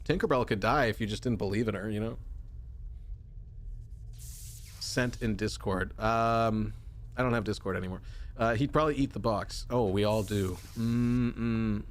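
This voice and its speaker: A man's voice: unhurried, long pauses, a little hiss or hum. Rambling jokey male streamer. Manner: rambling, jokey, answers chat, bursts into high shouting. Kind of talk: casual gaming livestream chat.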